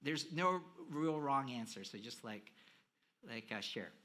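A man preaching a sermon, chatting with his congregation and swinging between hushed lines and emphatic ones. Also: medium pitch, lively intonation, measured pace. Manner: conversational, with fillers, addresses the audience.

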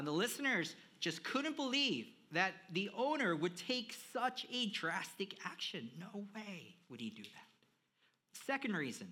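A male preacher delivers a sermon in a bright, slightly high voice. He drops to a near-hush, then turns emphatic. He speaks conversationally to his listeners, with a few fillers along the way. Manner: animated, swinging between hushed and emphatic; conversational, with fillers, addresses the audience.

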